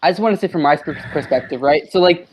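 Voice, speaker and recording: A man's voice: fairly high pitch, fast, slight background noise. Earnest man sharing his view. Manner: earnest, keeps asking "right?". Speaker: panel guest. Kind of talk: casual live-stream debate.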